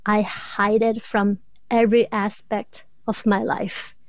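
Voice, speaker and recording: A woman in her thirties, a Chinese native speaker from rural China, speaks as an interview guest. She stutters, with repeated sounds and blocks. Her pace is slow and the sound is dry and close. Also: mid-range voice, level tone, no room sound. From rural southwest China. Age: 30s. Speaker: guest, doctoral student. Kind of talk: interview conversation.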